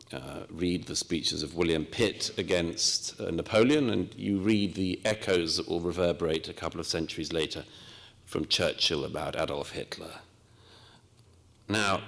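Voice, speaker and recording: A man from Britain giving a measured, storytelling lecture with quoted asides. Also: low voice, vocal fry, fairly bright tone, in a large hall. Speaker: speaker. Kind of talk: lecture talk.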